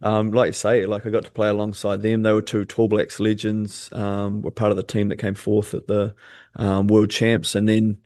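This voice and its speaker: New male athlete in his thirties, low and even voice, dry close sound. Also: no room sound. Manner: easygoing, many "um" pauses. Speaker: basketball player and coach, guest. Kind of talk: casual podcast interview.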